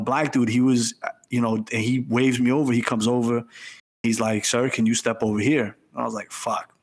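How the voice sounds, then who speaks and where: A man co-hosting a casual podcast, telling a story and acting out what other people said. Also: medium pitch. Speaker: podcast co-host. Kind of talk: casual chat and anecdote.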